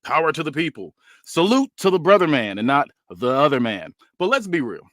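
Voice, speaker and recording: A slick, condescending businessman full of fake charm, as read aloud by a man. The voice swings up and down in pitch, and the recording is close and dry. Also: sing-song, brisk, fairly bright tone, no echo. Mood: smug. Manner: condescending, slick, faintly mocking. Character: smug scheming male rival businessman. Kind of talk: read-aloud fantasy wrestling booking.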